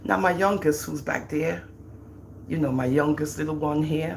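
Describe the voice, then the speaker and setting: A gravelly, low-sitting voice at a moderate pace, with slight background noise, belongs to a middle-aged livestream host with a Jamaican accent. Chatting casually, she teases and boasts animatedly about her children.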